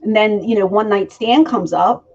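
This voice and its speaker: Woman in her forties, mid pitch, animated storytelling, interview guest, dull lo-fi recording. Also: moderate pace. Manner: animated storyteller who acts out quoted dialogue.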